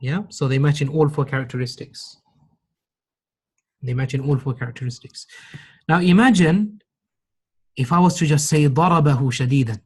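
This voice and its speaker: A man with a somewhat high, husky voice teaches a grammar class. He explains patiently, repeats key phrases and encourages his students with praise. His delivery is relaxed and conversational. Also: normal speed, long pauses. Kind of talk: classroom lesson.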